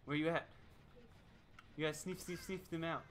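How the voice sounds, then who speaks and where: A man's voice: on the high side, fairly even intonation, normal speed, fairly bright tone, a little hiss or hum. A man streaming a video game, giving playful, chatty commentary and laughing often.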